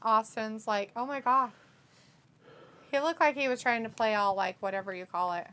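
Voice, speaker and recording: A woman's voice: fairly high pitch, moderate pace, pushed and bright. A woman, co-hosting a wrestling watch-along, reading chat messages aloud, teasing and laughing often.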